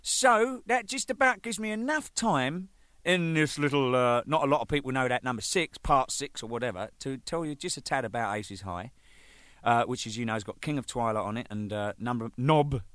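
A man's voice: medium pitch, no echo. A man, a rock drummer, telling band anecdotes in a casual, swearing, laughing way. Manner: animated, swears freely, laughs mid-story.

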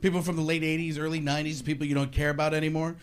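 A male stand-up comedian telling animated, sarcastic stories on a club stage. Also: a little high, very fast. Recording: live club with audience laughter.

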